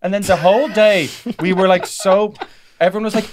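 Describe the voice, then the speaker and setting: A man's voice: high-pitched, fairly even intonation, noisy background. A young Irish man co-hosting a comedy podcast, telling a childhood story in casual chat with many "uh"s and restarts. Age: young adult. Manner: halting, filler-heavy storytelling with lots of "uh".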